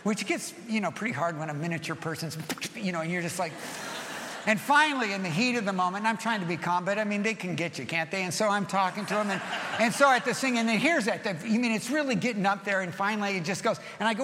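A middle-aged male pastor delivers a sermon in a high, bright voice, speaking fast. He tells his stories with animation, going soft and then swelling loud, while the long reverb of a large hall trails each phrase and slight background noise is present.

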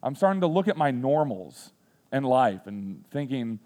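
His medium-pitched voice swings widely in pitch as this thirtysomething student ministries pastor preaches at a moderate pace. He tells humorous, self-deprecating personal stories, acting out what people said, and becomes soft and earnest in reflective moments.

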